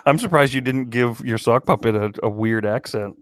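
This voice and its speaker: A man hosting a podcast, mock-serious and laughing, with halting restarts. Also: mid-range voice, dry recording. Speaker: podcast host. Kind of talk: casual comedic chat.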